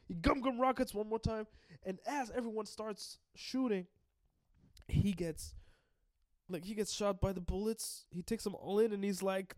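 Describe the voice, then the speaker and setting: Excitable high-voiced man recapping a story. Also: normal speed. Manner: excitable, swears freely, stumbles and restarts. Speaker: anime and manga recap host. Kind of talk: casual recap.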